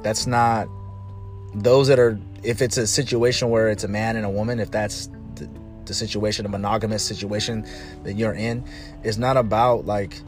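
With faint music behind him, this man chats about relationships at a moderate pace in a lowish voice, acting out others' words as he tells animated stories.

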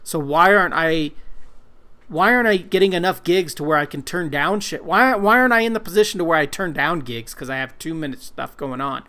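A man's voice: fairly high pitch, brisk, sharp tone. Rambling, swearing podcast guy. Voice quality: rambling, profane, self-deprecating. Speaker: podcast co-host, comic colorist. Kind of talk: casual podcast chat.

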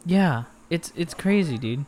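A man's voice: on the high side, expressive, a little slow, crowd noise. Young man rambling in slangy podcast chat. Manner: loose, rambling storytelling full of slang and swearing. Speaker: podcast host. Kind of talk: casual chat.

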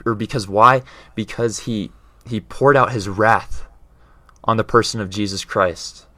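Man, lowish voice, earnest, casual explaining, keeps checking in with the listener. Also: a little slow, bright, forceful tone, no echo. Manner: earnest, often checks in with "right?". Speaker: speaker explaining faith.

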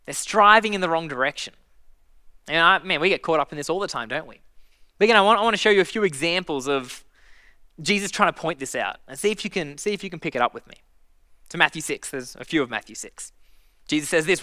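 A man preaching in an earnest, conversational way, stumbling and restarting as he builds his point. His voice sits high and bright, with a smooth, clear tone. It is recorded close and dry. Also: expressive, quick pace, dry recording. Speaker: pastor. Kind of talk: sermon.

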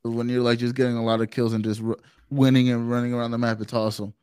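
A man appearing as a guest on a live stream, talking about gaming in a relaxed, frank way. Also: medium pitch, quick pace, clean tone, no room sound, studio quality. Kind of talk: casual chat on a live stream.

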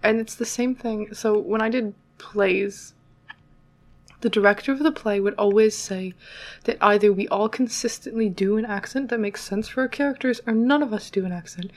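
A woman's voice: medium pitch, moderate pace. A woman co-hosting a podcast in casual chat, musing through playful hypotheticals. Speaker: podcast co-host.

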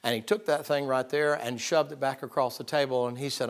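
A man's voice: medium pitch, fairly even intonation, fairly quick. A man preaching a sermon, telling stories in a folksy, emphatic, self-deprecating way.

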